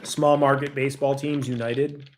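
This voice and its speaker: A man's voice: mid-range voice, flat delivery, moderate pace, a little hiss or hum. A man hosts a casual livestream, reading through viewer comments and thanking people one by one. His talk is rambling and heartfelt, with restarts where he loses his train of thought. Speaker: livestream host.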